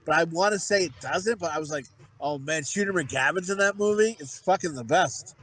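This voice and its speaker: A man's voice: a little high, brisk, a bit bright, poor audio. A man in his forties co-hosting a podcast, telling rambling, profane stories in casual banter. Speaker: podcast co-host.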